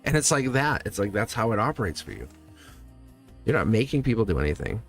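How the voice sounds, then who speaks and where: A man reads tarot live for a viewer in a loose, chatty way, reassuring her and breaking into laughs. His pitch swings widely as he talks. Soft music plays faintly behind him. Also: big pitch swings, a little fast. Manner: chatty and reassuring, laughs often, acts out quoted lines. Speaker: tarot reader hosting a live stream.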